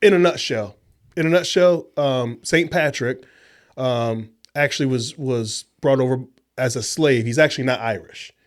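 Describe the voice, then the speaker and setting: A man co-hosting a casual podcast, animated and slangy, swearing freely. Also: mid-range voice, normal speed. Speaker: podcast co-host. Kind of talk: casual drinking chat.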